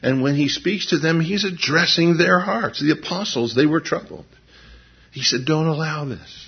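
A man in his fifties preaching a sermon, moving between hushed, intense passages and lively storytelling. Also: on the high side, normal speed, creaky, breathy edge, lo-fi sound. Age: 50s. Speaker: pastor.

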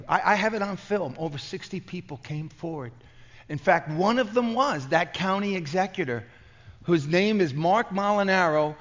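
A man with a New York accent preaching at a conference, telling stories with passion and frequent stammering restarts. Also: a little high. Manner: impassioned, stammering restarts, storytelling. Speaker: pastor. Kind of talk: conference sermon. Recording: dull lo-fi recording.

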